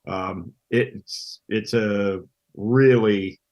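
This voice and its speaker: Middle-aged man, lowish voice, relaxed guest. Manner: relaxed, plain-spoken, halting restarts. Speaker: guest, pro angler. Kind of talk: casual interview chat.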